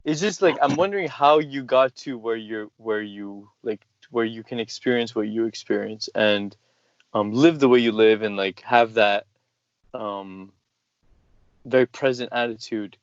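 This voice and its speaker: A man's voice: medium pitch, a little slow, dry recording, highs cut off. A man in casual conversation who talks hesitantly, full of "like" and "um". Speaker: conversation partner.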